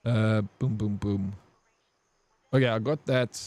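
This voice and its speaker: A man's voice: fairly low pitch, fairly even intonation, slow pace, darkish tone, no echo. A man streaming a game, rambling and crude as he tells a long army story to his chat. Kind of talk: casual gaming stream storytelling.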